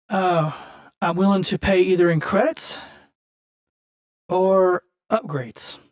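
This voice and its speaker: Man playing a shady salvage-yard boss: smooth, businesslike, persuasive, slow over key words, tabletop game NPC. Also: on the high side, close to an everyday voice.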